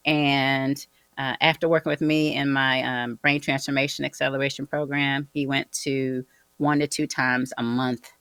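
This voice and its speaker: Woman with a really low voice, chatty guest, lively storyteller, dry close sound. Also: normal speed, clean tone, no echo. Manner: animated storyteller, acts out quoted people. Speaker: neurofeedback practitioner, guest. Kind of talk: conversational interview.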